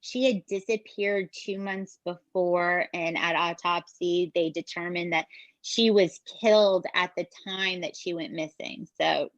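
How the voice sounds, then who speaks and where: A woman's voice: on the low side, steady tone, a little slow, no echo. A woman co-hosting a podcast, telling a true-crime story in a casual, emphatic way with some swearing. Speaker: podcast co-host. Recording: dull, dry lo-fi podcast mic.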